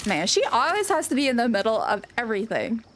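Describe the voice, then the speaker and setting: A woman game streamer chatting casually on a live stream, gushing and excitable, rambling with lots of restarts. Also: a little high, fast, a little hiss or hum.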